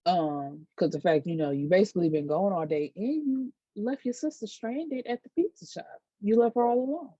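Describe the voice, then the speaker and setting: A woman vlogger casually recapping a TV episode, chatty and animated, acting out quotes and dropping side comments. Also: medium pitch, moderate pace, hardly any pauses, breathy edge, no room sound, dull audio. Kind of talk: casual chat.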